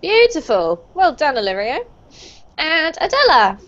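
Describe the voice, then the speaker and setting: A woman teaching a live online pronunciation class, praising students warmly and laughing often. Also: huge pitch swings, a little slow, a little hiss or hum. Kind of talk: live online group lesson. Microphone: video call. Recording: dull low-fidelity video call audio.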